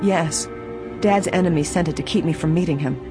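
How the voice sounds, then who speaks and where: A woman's voice: fairly low pitch, fairly quick, music in the background, natural voice. A narrator reading an anxious young woman detective. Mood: worried. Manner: earnest, anxious. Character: young woman amateur detective, worried but steady.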